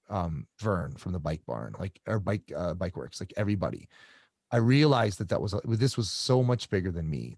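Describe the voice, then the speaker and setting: A middle-aged man telling stories in a casual interview, halting and often repeating his words as he restarts sentences. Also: low-pitched, gravelly, darkish tone, no room sound, studio quality. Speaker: guest.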